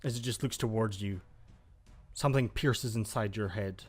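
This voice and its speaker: A man narrating as game master of a tabletop game, describing the action in a calm, descriptive way. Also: lowish voice, normal speed, soft background music.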